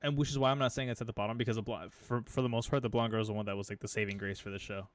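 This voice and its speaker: A man's voice: lowish voice, fairly even intonation, rapid-fire, no room sound. A man co-hosting a casual podcast chat, talking in a hesitant way full of false starts. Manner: hesitant, full of fillers and restarts. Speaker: podcast co-host.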